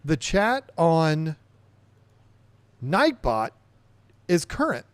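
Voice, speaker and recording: A man's voice: a little high, sing-song, very slow, clear, resonant tone, no echo. Rambling livestream host, a man. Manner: rambling, reads viewer chat aloud and chats back. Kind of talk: casual livestream chat.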